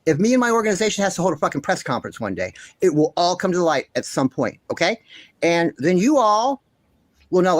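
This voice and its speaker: Indignant man ranting, swinging pitch. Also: very animated, brisk, no echo. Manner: passionate, indignant, profane ranting; repeats himself insistently. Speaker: commentary channel host. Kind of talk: ranting commentary vlog.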